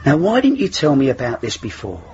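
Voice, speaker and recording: A man's voice: medium pitch, huge pitch swings, gravelly. Picture a kindly male schoolteacher whose voice rises and falls a great deal as he soothes worried pupils. It comes through dull, lo-fi TV sound with a faint hiss behind it. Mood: reassuring. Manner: gentle, reassuring, flustered when rushed. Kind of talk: television drama acting.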